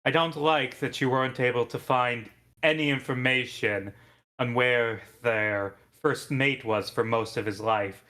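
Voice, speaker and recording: A man voicing a fussy, wary female ship officer who speaks in a prim, disapproving, measured way. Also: mid-range voice, steady tone, sharp tone.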